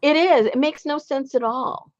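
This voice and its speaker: A woman's voice: high voice, moderate pace, dry recording, dull audio. A middle-aged woman hosting a casual craft chat, talking freely with many ums, restarts and frequent laughs. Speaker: craft channel host.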